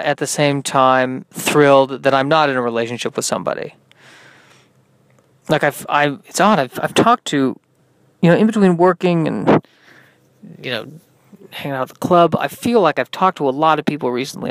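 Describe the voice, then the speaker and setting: Tired man, solo podcast host, rambling and self-mocking, smooth voice, dry close sound. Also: fairly high pitch, a bit bright, no echo. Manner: rambling, self-deprecating, sleepy musing. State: tired, yawning.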